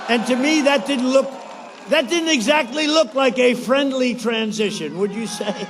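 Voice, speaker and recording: A man giving a rambling, boastful campaign rally speech, repeating phrases, shouting at times and mimicking others in quotes. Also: extremely high pitch, normal speed, noisy background. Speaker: politician addressing supporters.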